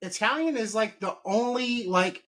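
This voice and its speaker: A man's voice: high voice, moderate pace, fairly bright tone. Rambling, jokey man hosting a podcast. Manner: rambling, jokey, laughs often. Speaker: podcast host. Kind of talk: casual podcast chat.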